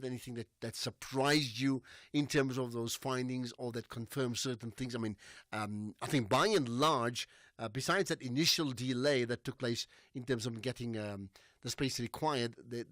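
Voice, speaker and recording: A man's voice: medium pitch, fairly bright tone, no room sound. Male talk-radio host; conversational, dry studio sound. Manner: chatty and conversational, inviting callers.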